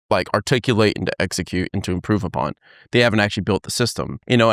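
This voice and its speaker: A low-voiced man hosts a casual podcast chat and leans on slang and loose metaphors. His voice is smooth and clear. The sound is dry and close to the mic. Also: a bit bright, dry recording.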